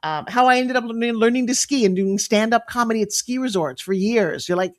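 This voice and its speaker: A middle-aged woman being interviewed as a guest, telling her stories in a lively, emphatic way with quick asides. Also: a little high. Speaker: guest, entrepreneur and pitch coach. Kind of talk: animated storytelling interview.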